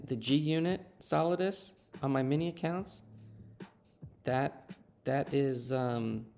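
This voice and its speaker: A man's voice: mid-range voice, vocal fry, a little mellow. A man in his thirties chatting casually on a game live stream, telling a story and laughing at himself. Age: 30s.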